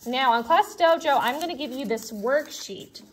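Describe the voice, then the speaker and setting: Young female teacher, slightly high voice, friendly and explanatory for small kids, natural fillers and restarts. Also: normal speed, fairly bright tone. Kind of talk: recorded elementary classroom lesson.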